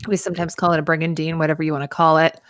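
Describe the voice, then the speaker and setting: A woman's voice: low voice, level tone, very fast, dry recording, clean studio sound. A woman hosting a live costume show, explaining garments in casual chat with frequent fillers.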